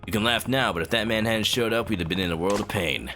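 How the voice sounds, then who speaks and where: A man voicing a stoic male yakuza hero in a flat, low, deadpan way. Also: fast, noisy background, lightly acted.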